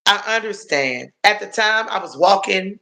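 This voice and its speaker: A woman's voice: medium pitch, expressive, normal speed, pushed and bright. A middle-aged woman from Washington, D.C., telling viewers about her past on a livestream in an earnest, confiding way. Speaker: livestream host sharing her story. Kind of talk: emotional personal testimony on a livestream.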